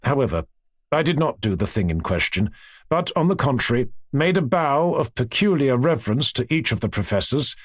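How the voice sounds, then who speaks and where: A man reading a classic novel aloud in an expressive, measured storytelling manner. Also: mid-range voice, dry recording, studio quality. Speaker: audiobook narrator. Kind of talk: scripted narration.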